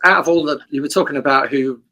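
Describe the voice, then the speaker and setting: A man hosts a relaxed podcast conversation, wandering through his questions and slipping in his own stories. His voice is bright and forceful, with a firm edge. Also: a little high, fast. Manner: rambling anecdotes and questions. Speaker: podcast host. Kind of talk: casual interview chat.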